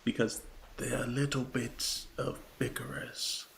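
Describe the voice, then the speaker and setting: A man's voice: mid-range voice, little pitch movement, unhurried, gravelly, a bit bright, a little hiss or hum. A man narrating and running a tabletop role-playing game, answering players in a dry, matter-of-fact way. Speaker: game master.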